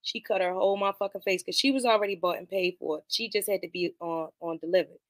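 A woman hosting a podcast, casually retelling and reviewing a film in animated, slangy speech full of profanity. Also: fairly low pitch, fast talker, no room sound. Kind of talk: casual movie commentary.

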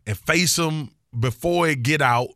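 A man's voice: fairly high pitch, unhurried, sharp tone, dry recording. Male podcast co-host, loose and joking, slangy delivery, dry close sound. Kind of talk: casual sports talk.

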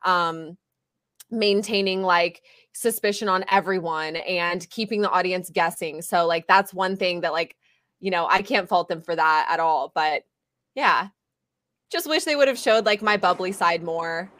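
A woman's voice: on the low side, unhurried, a bit bright, no echo, clean studio sound. A woman, a reality show contestant, chatting casually about the show, upbeat and full of "like" fillers. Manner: upbeat, filler-heavy, describes herself as bubbly and goofy. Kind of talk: casual interview chat.

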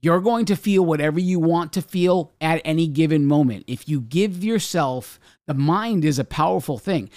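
A man's voice: on the high side, normal speed, hardly any pauses, darkish tone, dry recording, studio quality. A man hosting a podcast, delivering an emphatic, argumentative monologue. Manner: emphatic, argumentative, says okay often. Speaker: podcast host. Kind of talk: ranting monologue.

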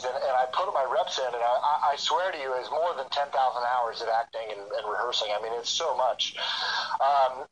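A middle-aged man tells his story in an interview, voice sitting a little high and full of stops, restarts and fillers. He is lively and candid, and a faint hiss runs under the recording. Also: rough recording. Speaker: guest, professional wrestler.

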